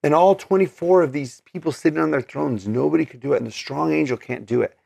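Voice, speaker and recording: A man's voice: fairly high pitch, fast, gravelly, a little mellow, husky, no echo. A man teaching scripture in an earnest, conversational way, with many fillers and restarts. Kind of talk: casual scripture study talk.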